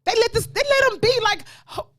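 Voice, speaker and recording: A woman's voice: very high voice, a little fast, dry recording. A woman co-hosting an uncensored talk show, talking bluntly and with plenty of profanity. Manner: blunt, profane, animated storytelling. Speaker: podcast co-host. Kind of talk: uncensored casual chat.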